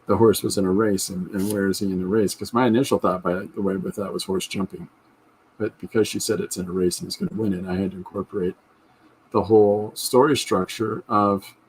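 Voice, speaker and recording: A man with a fairly low voice hosts his own podcast, a casual livestream chat where, as a comic artist, he talks enthusiastically about his comic ideas. He rambles and restarts often, and the poor audio has slight background noise.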